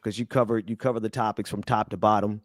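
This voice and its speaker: A man's voice: lowish voice, flat delivery, fast, dry recording, studio quality. Laughing, earnest male host. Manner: laughs often, earnest and rallying. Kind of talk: casual political chat.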